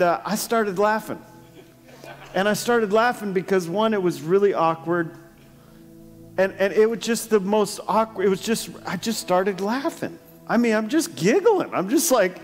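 A pastor preaching a sermon, telling a personal story in a chatty way and laughing often. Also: male voice, high voice, in a large hall. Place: church hall.

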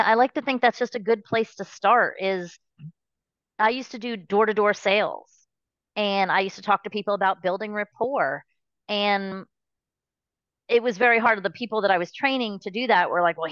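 A woman's voice: mid-range voice, normal speed, a bit bright, no echo, muffled recording. A woman hosting a podcast, talking in a chatty, rambling way with many restarts. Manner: chatty, rambling, frequent restarts and "you know". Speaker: podcast host. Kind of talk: casual interview chat.

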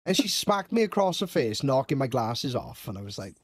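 A man's voice: mid-range voice, very animated, a little fast, few pauses, dry recording. A man, telling crude school stories in a casual podcast chat, laughing and swearing as he goes. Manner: swearing, laughing, self-mocking anecdotes. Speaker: podcast co-host.

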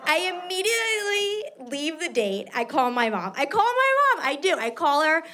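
High, lively young woman doing stand-up. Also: normal speed. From New York City. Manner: animated, jokey and self-mocking. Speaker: stand-up comedian. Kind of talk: stand-up comedy.

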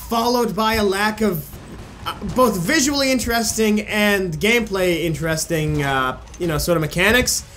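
A man commentating his own gameplay, frustrated and swearing, with sudden yelling outbursts. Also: sits high, moderate pace, slight background noise. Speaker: gaming video creator. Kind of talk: casual let's play commentary. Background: game music.

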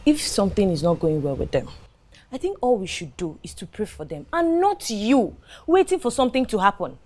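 A woman's voice: mid-range voice, very animated, a little fast, darkish tone. A skeptical Nigerian woman, brushes off a gossip's talk. Her voice rises and falls with plenty of movement. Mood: dismissive. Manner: dismissive.

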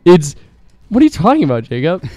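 Excitable young man, crude gaming banter. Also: a little high, brisk. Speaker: let's play commentator. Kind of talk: casual gaming commentary.

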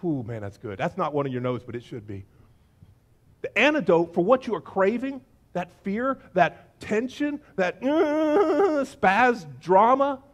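Male pastor, middle-aged, high and very lively voice, storytelling sermon style. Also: moderate pace. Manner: animated storytelling, acting out voices.

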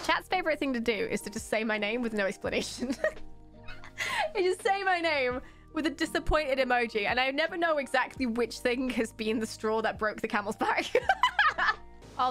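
A young woman streamer doing casual reaction commentary, excitable, laughing often and swearing freely. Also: high voice.

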